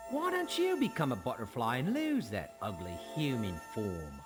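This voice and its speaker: A man's voice: medium pitch, huge pitch swings, normal speed, music in the background. Weird butterfly scientist guy from a game, accent all over the place, voice swings like crazy. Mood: enticing. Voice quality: odd, shifting accent that is hard to place. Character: eccentric male butterfly-collecting soul scientist. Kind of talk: video game voice acting.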